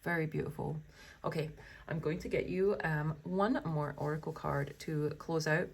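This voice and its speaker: Woman doing a tarot pick-a-card reading, lowish voice, reads card texts then gushes to viewers. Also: steady tone, normal speed, vocal fry, breathy edge. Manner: gushing and exclamatory, full of wows and oh my goshes.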